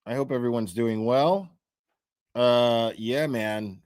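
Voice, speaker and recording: A man's voice: medium pitch, slow pace, darkish tone, smooth. A man hosting a casual livestream, rambling loosely with lots of fillers and easy laughs. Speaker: livestream host.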